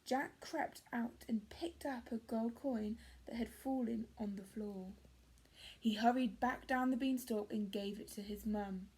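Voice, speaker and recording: A woman teacher with an English accent, reading a picture book aloud to young children in a clear, gentle storytelling manner. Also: on the high side, a little slow. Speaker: primary school teacher.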